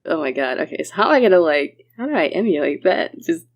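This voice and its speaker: A woman's voice: on the low side, sing-song, fast, creaky. A woman voice actor at a recording session, hyped up, goofy and laughing. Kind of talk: casual recording-session banter.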